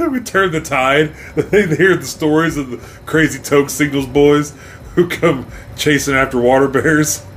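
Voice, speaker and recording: A man co-hosting a comedy podcast, with slow, drawn-out, giggly asides. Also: a little high, animated, a little hiss or hum. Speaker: podcast co-host. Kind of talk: stoned comedy banter.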